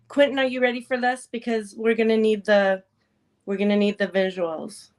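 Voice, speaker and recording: A woman's voice: on the high side, flat delivery, normal speed, darkish tone. A woman hosting a casual talk show, playful and teasing, laughing often between her lines. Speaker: podcast host. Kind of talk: casual chat.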